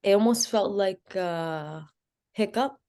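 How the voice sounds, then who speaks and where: Speaking slowly in a mid-range voice, a young Providence, Rhode Island woman recounts her story during a podcast interview. She's animated, performs the dialogue she quotes, and leans heavily on "like."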